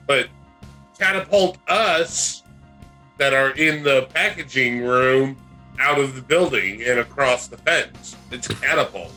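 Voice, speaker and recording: A man playing a tabletop game, eagerly pitching wild plans in casual chat. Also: bright, forceful tone. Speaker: player.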